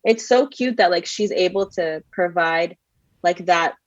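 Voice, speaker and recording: A woman's voice: fairly low pitch, measured pace, dry recording, dull audio. A woman co-hosting a casual podcast, enthusiastic and rambling, with many "like"s. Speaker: podcast co-host.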